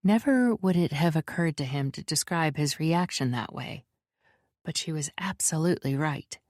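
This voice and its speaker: Woman audiobook narrator: low, slow, measured, dry studio read. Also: expressive, darkish tone, dry recording. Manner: measured, descriptive reading. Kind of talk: scripted narration.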